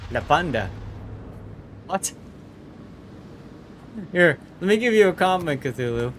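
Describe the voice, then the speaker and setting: A man's voice: fairly high pitch, sing-song, slow pace, long pauses, slight background noise. A man streaming a naval battle game, chatting casually with viewers, laughing often and repeating his words.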